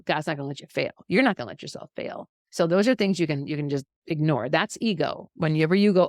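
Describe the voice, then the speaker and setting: A middle-aged woman teaches with warm conviction and bursts of laughter, her voice sitting on the lower side. The sound is dry and close, with no room around it. She talks in an animated, faith-filled way as a health educator. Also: fast, hardly any pauses, no room sound. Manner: animated, encouraging, laughs often. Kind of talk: faith-based teaching talk.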